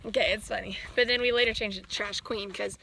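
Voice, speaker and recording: A woman's voice: medium pitch, fairly even intonation, quick pace, creaky, sharp tone, a little hiss or hum, rough recording. Chatty Southern woman on a trail. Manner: chatty storytelling, acts out quotes in her own voice. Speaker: thru-hiker vlogger. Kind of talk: casual trail vlog. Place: outdoors on a hiking trail.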